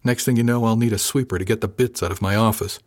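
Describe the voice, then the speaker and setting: A man reading the part of a blunt, sardonic woman officer, speaking flatly and a little higher than his own voice. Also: quick pace, close to an everyday voice.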